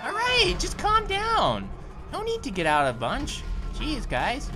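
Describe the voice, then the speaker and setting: Giggly high-pitched woman gaming host. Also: huge pitch swings, measured pace, over music. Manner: giggly, playful, often shouting. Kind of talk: let's play commentary.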